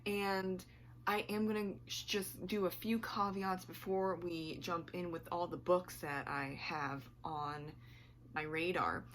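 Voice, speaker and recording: A woman's voice: lowish voice, steady tone, takes it slowly, a little hiss or hum. A woman book vlogger chatting casually to camera at home, rambling and laughing often, her voice slightly worn.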